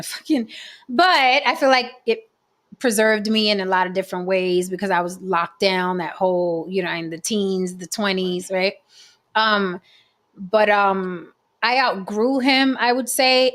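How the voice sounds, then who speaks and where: A woman's voice: medium pitch, a bit bright. Woman in her forties, blunt and profane, laughing through a candid story, casual chat.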